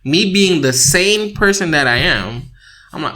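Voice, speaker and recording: A young man co-hosting a casual podcast with his wife, telling an animated story, laughing often and acting out both sides of an argument. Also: mid-range voice, moderate pace. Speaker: podcast co-host. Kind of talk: casual married-couple podcast chat.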